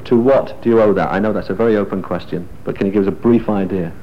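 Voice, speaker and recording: A man's voice: lowish voice, fast, a little hiss or hum. A man hosting a live awards show, bantering and joking with his guests. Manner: jokey, chatty banter with guests. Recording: lo-fi broadcast sound.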